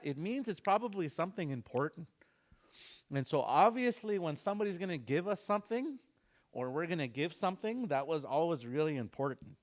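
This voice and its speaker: A man teaching a language class, explaining pronunciation patiently and repeating sounds aloud for students to copy. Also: a little high. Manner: explains slowly, repeats sounds aloud for practice, chuckles often.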